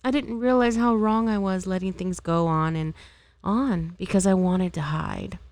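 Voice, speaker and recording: A woman reading aloud, voicing an earnest young woman who gently scolds her younger sister. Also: medium pitch, steady tone, a little slow, no room sound, natural voice. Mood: chiding.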